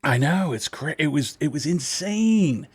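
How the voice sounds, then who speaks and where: A man's voice: fairly high pitch, unhurried, slightly rough, no echo, clean studio sound. A man, telling profane stories in casual podcast banter. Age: 60s. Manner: animated, profane storyteller. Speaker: podcast guest.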